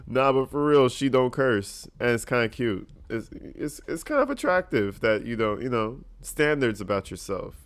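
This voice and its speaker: A man's voice: mid-range voice, moderate pace, few pauses, clear, resonant tone. Man giving profane reaction commentary. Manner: profane, joking, animated asides.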